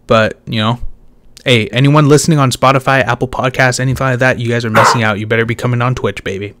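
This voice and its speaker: A man's voice: mid-range voice, fairly even intonation, fast talker, fairly bright tone, a little hiss or hum. A young man co-hosting a podcast, talking in slangy, emphatic casual chat and joking around. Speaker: podcast co-host.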